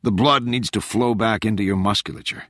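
Dude doing a steady american doctor guy, low and clinical, audiobook. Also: brisk, no echo, studio quality, natural voice. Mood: firm. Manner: firm, clinical, reassuring. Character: calm professional American male medic.

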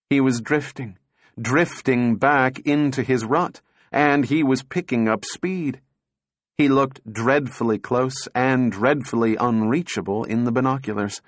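A male audiobook narrator reading in a measured, dramatic way. His voice sits in a middle range, and the recording is dry and close with no room sound. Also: medium pitch, dry recording. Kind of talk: scripted narration.

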